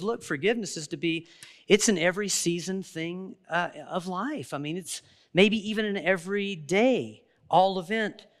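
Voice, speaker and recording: A man's voice: high-pitched, a bit bright. A man preaching a sermon as pastor, earnest and conversational, often restarting his sentences. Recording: long reverb of a large hall.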